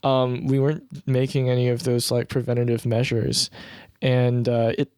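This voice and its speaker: A man's voice: medium pitch, normal speed, clean tone, no echo. Rambling young Australian man, dry sound. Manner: rambling, animated, many fillers. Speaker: podcast host. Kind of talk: casual chat.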